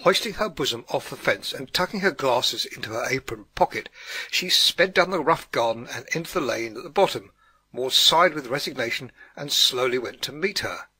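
A man giving a steady scripted audiobook narration. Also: mid-range voice, normal speed, breathy edge, dry recording. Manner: steady storytelling read.

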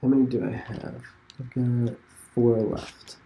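A man's voice: medium pitch, flat delivery, a little slow, dark tone, slight background noise. A man hosting a casual online game session, thinking aloud and hesitating over his moves. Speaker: host. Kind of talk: casual commentary while playing an online game.

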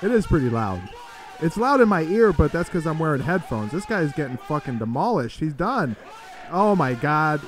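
A man giving casual live-stream commentary on fight videos, swearing freely, laughing often and breaking into excited shouts. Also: on the high side, moderate pace, slight background noise.

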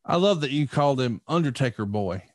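A man's voice: medium pitch, lively intonation, brisk, dry recording, clean studio sound. A man co-hosting a podcast who asks upbeat questions and sets up clips. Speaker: podcast co-host. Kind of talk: casual podcast chat.

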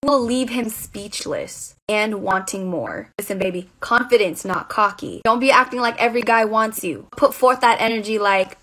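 A woman's voice: mid-range voice, moderate pace, hardly any pauses, sharp tone, dry recording. A young woman giving casual dating advice straight to camera, sassy and direct, calling her listeners sis.

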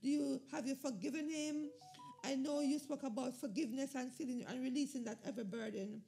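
A woman hosts a podcast and asks gentle, affirming questions. Her voice is high, with a gravelly edge of fry. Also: a little fast, faint music behind. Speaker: podcast host. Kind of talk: interview questions.

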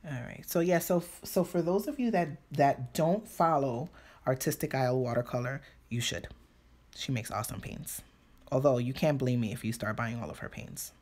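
A woman's voice: extremely low pitch, moderate pace, a little mellow. A woman chatting casually with live viewers while she paints, laughing easily and making self-deprecating asides. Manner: talks to viewers while working, trailing off between remarks. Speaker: painting tutor on a live stream.

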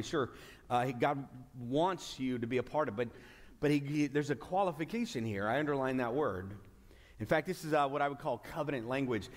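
Male pastor, mid-pitch, earnest and emphatic with frequent restarts, preaching in a long-reverb hall. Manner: earnest, repetitive restarts, drawn-out emphatic words. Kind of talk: sermon. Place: church sanctuary.

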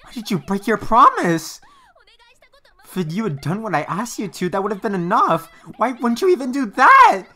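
A woman voicing a gentle young half-elf girl in an anime dub, soft and tearful, her voice lively and bright. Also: mid-range voice, normal speed. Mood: upset pleading.

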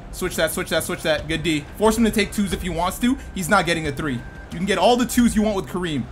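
A man giving lively commentary over his own basketball video game match, talking to himself and his viewers and breaking into sudden shouts. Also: high-pitched. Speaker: gaming YouTuber. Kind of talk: live gameplay commentary.

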